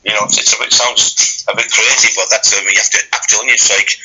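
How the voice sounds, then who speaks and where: Husky, quick-talking man with a Teesside accent. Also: lowish voice, steady tone, sharp tone, muffled recording. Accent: Teesside English with a Scottish trace. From Scotland. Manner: rambling, repeats and restarts, working-class turns of phrase. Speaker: guest. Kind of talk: life-story interview.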